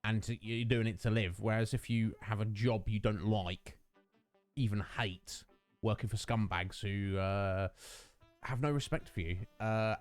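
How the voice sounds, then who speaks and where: A young livestream host with a fairly low, smooth voice chats casually with his viewers. His talk rambles, thick with fillers and jokes at his own expense.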